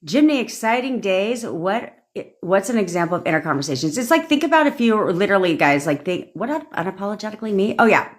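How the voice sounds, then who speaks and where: Talking fast with few pauses, a woman with an expressive mid-range voice answers viewers on a casual phone livestream. She's a manifestation coach who is chatty, curses a lot and addresses people by name.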